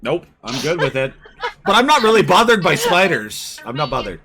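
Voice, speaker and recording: A man hosting a casual online group chat, animated and laughing as he leads the talk. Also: fairly high pitch, normal speed, creaky, crowd noise. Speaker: stream host.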